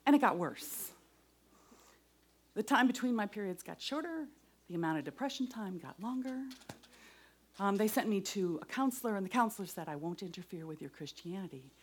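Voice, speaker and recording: A middle-aged woman giving a devotional talk and personal testimony, earnest, moving between raised voice and soft whispers. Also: medium pitch, animated, moderate pace, pauses often. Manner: earnest, shifts from loud to whispered.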